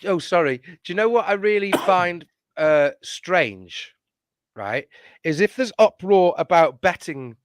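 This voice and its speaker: A man's voice: sits high, lively intonation, no room sound. A man co-hosting a fan football show, rambling and restarting as he talks. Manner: rambling, halting, many restarts. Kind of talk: casual football chat and live reactions.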